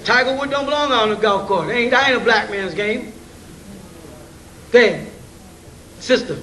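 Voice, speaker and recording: A man with a high voice lectures a roomful of listeners in loose, slangy speech, chuckling between points and firing off rhetorical questions. The mic sits well away from him, so the room echoes around his voice and a faint hiss runs underneath. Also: unhurried, pushed and bright. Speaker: lecturer addressing an audience. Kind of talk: informal spoken lecture. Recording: roomy, distant, faint hiss.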